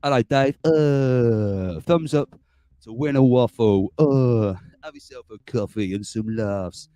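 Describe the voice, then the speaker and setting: A man in his forties hosting a casual livestream chat, chatty and excitable, laughing often. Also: mid-range voice, takes it slowly. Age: 40s. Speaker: livestream host.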